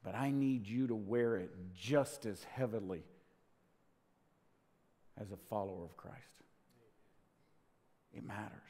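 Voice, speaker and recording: A middle-aged man preaching a sermon as pastor, swinging between hushed whispers and loud, impassioned bursts. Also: mid-range voice. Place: church sanctuary. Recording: long hall reverb.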